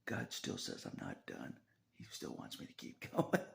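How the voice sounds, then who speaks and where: An exhausted man rambling in a half-whispered voice. He repeats himself and chuckles softly between phrases. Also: a bass voice, huge pitch swings, normal speed, vocal fry. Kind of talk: rambling spoken confession.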